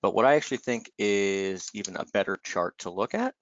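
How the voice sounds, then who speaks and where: A man with a lowish voice runs a live trading webinar and walks through charts in a relaxed, rambling way, full of "um" and "right?". He has the hiccups, and the sound is dry and slightly dull, like a close desktop mic. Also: a little fast, no room sound. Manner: conversational, filler-heavy, frequent "right?" tags. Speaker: webinar host, market analyst.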